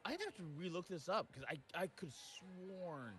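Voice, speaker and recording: A woman's voice: fairly low pitch, big pitch swings, moderate pace. A woman guesting on a casual game stream, giggling often and talking hesitantly, trailing off mid-thought.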